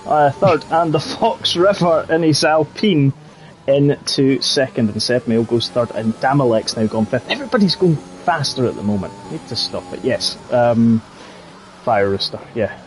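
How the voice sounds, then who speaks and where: A lead commentator calls an online racing league live, joking and rambling with lots of fillers and nicknames. His mid-range voice has lively intonation at a normal speed, with slight background noise.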